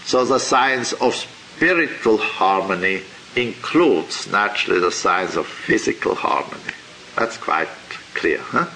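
A man teaching a religious class, lecturing in a deliberate, halting way and asking rhetorical questions. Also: on the low side, expressive, bright, forceful tone, slight background noise, rough recording.

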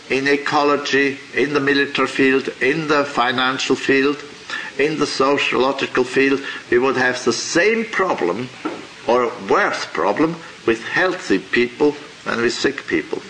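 A man teaching a religious class, lecturing in a deliberate, halting way and asking rhetorical questions. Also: medium pitch, lively intonation, pushed and bright, a little hiss or hum, poor audio.

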